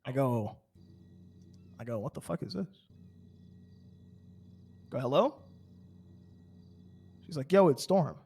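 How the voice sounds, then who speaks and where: A man's voice: medium pitch, expressive, takes it slowly, gravelly, pauses often, darkish tone, slightly rough. A man roleplaying on a game server, telling an in-character story in a rambling way, full of fillers and stammered restarts. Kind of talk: in-character story, casual chat.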